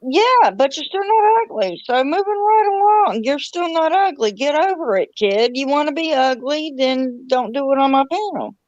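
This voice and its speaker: A woman's voice: sits high, lively intonation, moderate pace, few pauses, a little mellow, no room sound. A woman hosting a stream panel in casual chat, bossy, blunt and teasing. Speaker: stream host. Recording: dry, dull lo-fi mic.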